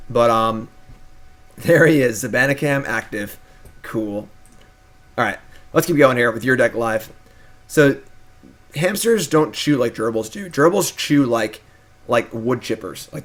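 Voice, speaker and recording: A man's voice: mid-range voice, expressive, unhurried, long pauses. A young adult man hosting a live stream, chatting casually and playfully hyping up his pet. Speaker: streamer and host.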